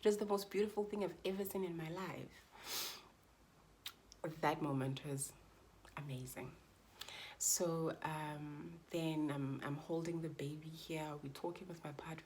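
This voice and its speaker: Young woman, lowish voice, casual vlog storytelling, heartfelt, repeats herself for emphasis. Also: steady tone, measured pace, slight background noise. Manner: chatty and heartfelt, often addresses viewers as guys. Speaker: vlogger telling her birth story.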